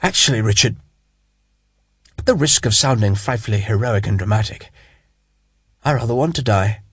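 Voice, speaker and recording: A man's voice: lowish voice, animated, moderate pace, a bit bright, slightly rough, no echo, clean studio sound. A man voicing a charming young lord who is dying of a wound, speaking faintly and in pain. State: weak and wounded.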